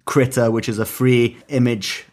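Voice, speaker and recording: Casting note: male podcast co-host, native Italian speaker, calm explainer with dry one-liners. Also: mid-range voice, unhurried. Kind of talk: casual chat.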